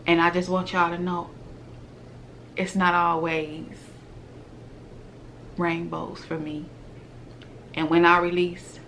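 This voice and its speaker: Woman, heartfelt vlog talk, low-ish voice but bright and forceful, faint hum behind. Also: monotone, slow, pauses often. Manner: earnest, heartfelt, repetitive, slips into whispers. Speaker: vlogger. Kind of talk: emotional direct-to-camera talk.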